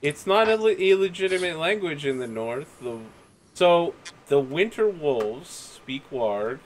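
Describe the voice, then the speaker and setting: A man running an online tabletop game as game master, brisk with dry teasing. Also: on the high side, expressive.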